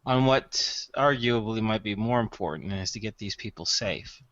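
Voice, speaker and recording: A man voicing a steady, practical male adventurer who leads his group, speaking in a plain, level-headed way. It is a tabletop game role. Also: lowish voice, moderate pace, no room sound. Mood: calm, practical. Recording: dull lo-fi mic.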